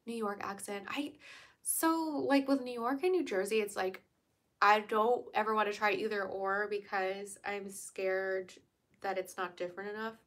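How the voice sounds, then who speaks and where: A woman's voice: mid-range voice, steady tone, moderate pace, a bit bright. A young woman from Virginia, chatting casually on a livestream, laughing often and answering viewer comments. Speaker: livestream host.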